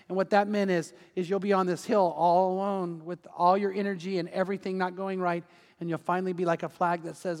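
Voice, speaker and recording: A man's voice: sits high, level tone, fairly quick. A middle-aged male pastor preaching a sermon in a conversational way, acting out quotes and family stories. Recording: long hall reverb.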